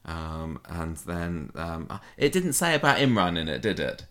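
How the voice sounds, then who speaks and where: Chatty deep-voiced man. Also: big pitch swings, unhurried, sharp tone. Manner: chatty, laughing, acting out quotes. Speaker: podcast co-host. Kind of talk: casual chat recapping a soap.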